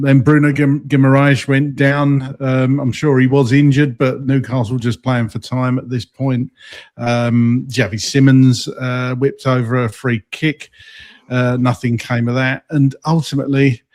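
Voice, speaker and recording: Male host, casual chat, halting recap delivery, middle-range voice. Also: mid-range voice, little pitch movement, a little mellow. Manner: recaps the match with frequent ums and stumbles. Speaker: podcast host.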